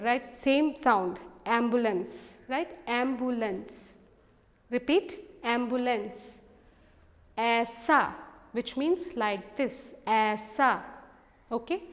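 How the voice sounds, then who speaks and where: A woman teacher with a high, light voice leads an online class. She speaks slowly and patiently, drilling words in a repeat-after-me pattern. Her voice carries a long, hollow reverb.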